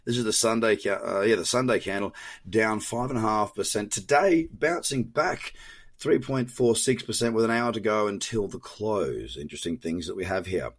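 A man's voice: on the low side, moderate pace, breathy edge. An Australian man hosting a crypto podcast, chatting loosely through market commentary with fillers and self-corrections, his voice worn from overuse.

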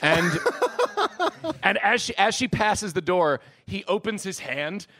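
A man co-hosting a podcast, talking excitedly about films, swearing often and laughing a lot. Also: sits high, slow pace. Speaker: podcast co-host. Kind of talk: casual podcast chat.

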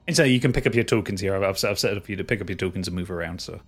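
A man's voice: low voice, racing. A man narrating as game master in a casual, laughing way, often restarting his sentences.

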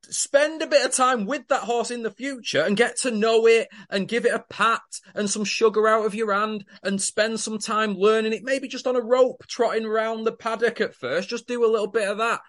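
A man with a high voice chats casually, swearing as he reacts. He rants in exasperation about the characters' choices. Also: fairly even intonation, moderate pace, few pauses, a bit bright. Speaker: podcast co-host. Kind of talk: casual recap chat.

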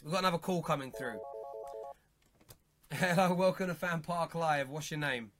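A man in his thirties hosting a sports radio phone-in, chatty and jokey, quick to cut in. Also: a little high, noisy background. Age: 30s. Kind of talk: casual sports radio chat.

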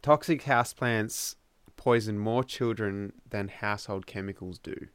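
A man's voice: fairly low pitch, unhurried, fairly bright tone, smooth, dry recording. A man co-hosting a podcast, wryly reading trivia facts in casual chat. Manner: wry, reads trivia aloud. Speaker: podcast co-host. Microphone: studio microphone.

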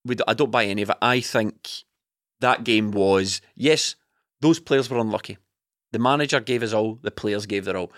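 A man's voice: on the low side, normal speed, a bit bright, no echo, clean studio sound. A man, a podcast co-host, talking football in a heated, opinionated way. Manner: passionate, ranting opinions. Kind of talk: casual football chat.

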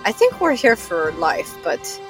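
A woman's voice: fairly low pitch, wildly swooping pitch, a little slow, over music, rough recording. A woman playing a tabletop game in character, bubbly and scatterbrained, peppering her talk with "like" and "don't you know". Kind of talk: in-character tabletop role-play.

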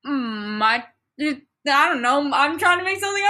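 A young woman co-hosting a casual podcast, reading a fan story aloud with animated, exasperated commentary and frequent swearing. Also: high voice, normal speed. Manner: animated, exasperated, swears freely, bursts into laughter.

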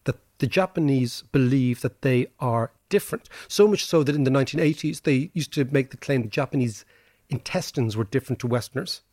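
An Irish man hosting a podcast, explaining history and economics in animated casual chat, often tagging his points with "right?". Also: medium pitch, brisk, no room sound, clean studio sound. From Ireland. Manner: animated lecturing, rhetorical "right?" tags. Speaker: podcast host.

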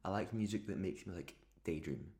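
A man with a Scottish accent, co-hosting a podcast in relaxed, chatty conversation and laughing often. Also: deep voice, fairly quick. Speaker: podcast co-host. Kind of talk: casual chat.

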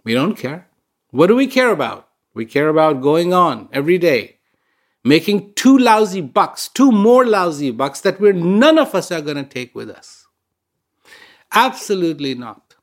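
In a fairly high voice with big swings in pitch and a measured pace, a man gives a reflective, inspirational talk. He tells his stories conversationally, leaning on fillers and repeating words to emphasize them.

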